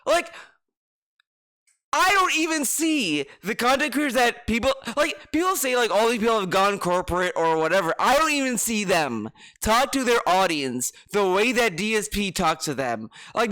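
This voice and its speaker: A man's voice: very high voice, very animated, measured pace, bright, forceful tone. A man streaming his reaction to videos, ranting with heated, profane sarcasm. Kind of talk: ranting commentary.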